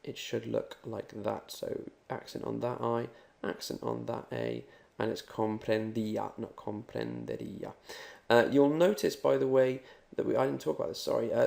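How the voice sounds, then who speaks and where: A man gives a recorded Spanish lesson and talks straight to the learner. He speaks in an upbeat, encouraging way. His voice is low in tone, dark and very gravelly. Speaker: Spanish teacher.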